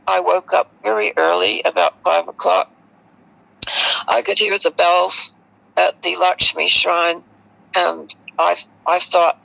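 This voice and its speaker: American woman host, expressive storyteller, raspy-gravelly voice, dull radio-style recording. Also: on the low side. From United States. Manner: expressive, animated retelling with emotional swings. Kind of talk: personal storytelling to listeners.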